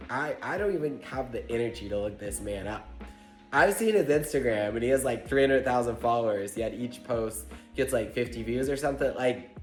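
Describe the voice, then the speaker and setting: A man from Tennessee telling a storytime vlog in a chatty, animated way, with lots of "like". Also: mid-range voice. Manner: chatty, animated, heavy use of "like". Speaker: vlogger. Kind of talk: casual storytime chat. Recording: roomy echo with faint music.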